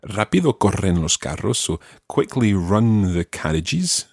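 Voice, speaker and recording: A male language teacher with a low, gravelly voice that swings lively up and down as he explains. He models the sounds slowly and patiently and pokes fun at his own mistakes. The sound is husky and dry, close to the mic. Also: no echo. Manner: self-deprecating. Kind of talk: teaching pronunciation.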